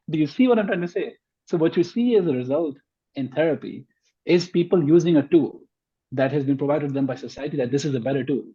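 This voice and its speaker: A man's voice: on the high side, brisk, dark tone, slightly rough, lo-fi sound. A man as a podcast guest in a conversational discussion, emphatic and arguing point by point.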